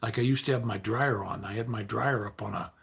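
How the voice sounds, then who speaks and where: An older man chatting casually to his livestream viewers, weary and low on energy, rambling and grumbling with many restarts. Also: a little fast, a bit bright. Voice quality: gravelly, raspy. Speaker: livestream host.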